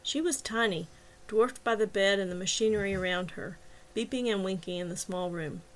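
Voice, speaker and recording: A woman with a mid-range voice reads a serialized mystery aloud at a moderate pace as narrator and host. In this scripted audiobook narration, she lightly lifts her voice for the characters' dialogue.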